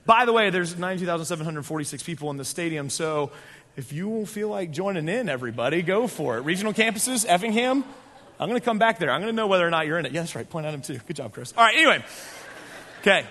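Bright, animated young man in a hall. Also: fairly high pitch, fast talker. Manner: animated, talks with the crowd, shouts at times. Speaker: speaker telling a story to an audience. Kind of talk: lively storytelling talk. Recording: echoey large hall.

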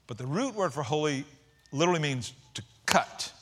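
A man delivers a sermon in a high, bright voice. His preaching is energetic and casual, and he drops slang asides to his listeners. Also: normal speed. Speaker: pastor.

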